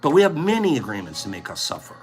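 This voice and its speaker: A man's voice: medium pitch, huge pitch swings, fast talker, darkish tone, slightly rough, faint music behind. A man hosting a casual livestream chat, playful and rambling, often breaking into laughter. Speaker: host.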